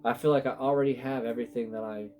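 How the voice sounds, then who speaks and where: A man's voice: medium pitch, steady tone, fast talker, over music. A man giving a casual spiritual tarot reading, emotional and rambling, often breaking off mid-sentence. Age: adult with sons. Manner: emotional, rambling, self-interrupting. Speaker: tarot reader.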